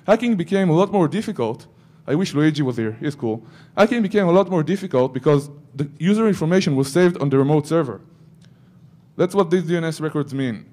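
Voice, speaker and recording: A man's voice: fairly high pitch, expressive, fairly quick, dark tone. A man giving a security conference talk, breaking into joking asides to the audience. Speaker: conference speaker.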